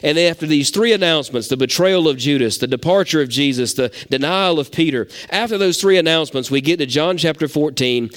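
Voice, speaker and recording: Folksy preacher, smooth voice. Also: male voice, fairly high pitch, fairly quick, hardly any pauses. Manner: folksy storytelling, animated preaching. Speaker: pastor. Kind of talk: sermon.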